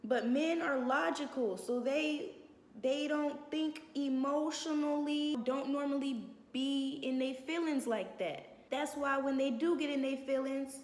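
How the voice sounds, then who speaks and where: A woman's voice: high voice, moderate pace, creaky, slight background noise. A woman giving blunt, sassy life advice in a casual talk, laughing now and then, recorded in an echoey room. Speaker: advice vlogger. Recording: echoey room with long reverb.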